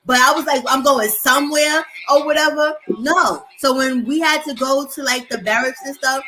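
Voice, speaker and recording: A young woman hosting a casual chat, telling a long story in an animated, streetwise, profane way. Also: high voice, normal speed, slight background noise, rough recording. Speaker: host.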